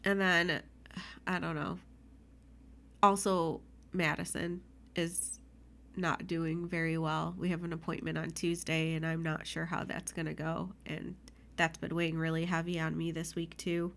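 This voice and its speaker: A woman's voice: low voice, little pitch movement, a little slow, creaky, a bit bright, a little hiss or hum. Emotional young woman co-hosting a podcast. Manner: emotional, teary, laughs often. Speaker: podcast co-host. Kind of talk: casual chat.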